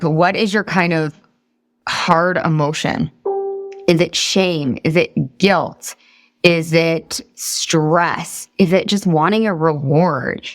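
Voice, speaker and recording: With a lowish voice recorded at studio quality and no room sound, a woman in her thirties leads a live weight-loss coaching class. She's friendly and supportive, throws lots of questions at participants, and laughs at her own tangents.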